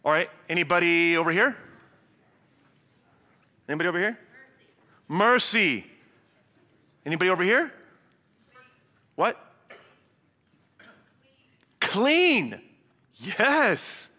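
A man preaching a sermon to a live congregation, animated, acting out dialogue and swinging from loud to hushed. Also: high voice, slow, pauses often. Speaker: pastor. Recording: reverberant hall sound.

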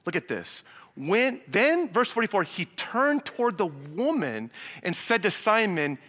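A man preaching a sermon to a live congregation, animated, acting out dialogue and swinging from loud to hushed. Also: sits high, measured pace. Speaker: pastor. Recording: reverberant hall sound.

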